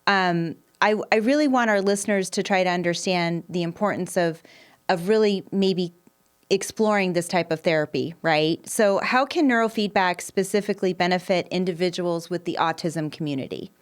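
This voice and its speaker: A woman's voice: fairly low pitch, moderate pace, clean tone. A woman hosting a podcast interview, enthusiastic and conversational, often affirming her guest. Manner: warm, enthusiastic, frequent affirmations. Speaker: podcast host.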